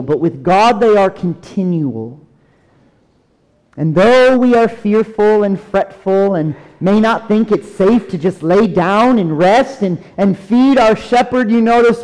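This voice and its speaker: Man preaching a sermon, high voice, slow deliberate pace, earnest and emphatic, long hall reverb. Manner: earnest, emphatic, with dramatic slowdowns and drops to near quiet.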